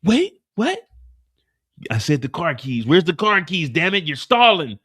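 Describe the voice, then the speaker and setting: A man voicing a cocky male hitman who threatens in a slow, taunting drawl, his voice dropped low. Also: lively intonation, pushed and bright, no echo, studio quality. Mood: threatening.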